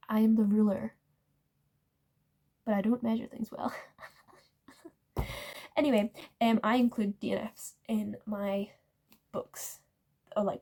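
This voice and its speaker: Chatty young-sounding woman, mellow voice. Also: a little high. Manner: chatty, self-correcting, uses "like" often. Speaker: book vlogger. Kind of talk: casual book review chat.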